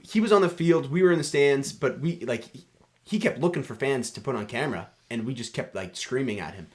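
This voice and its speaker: A young man from Canada co-hosting a podcast. He tells stories in an animated, laughing way, with plenty of casual filler words. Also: medium pitch, fairly quick. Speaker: podcast co-host. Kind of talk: casual storytelling chat.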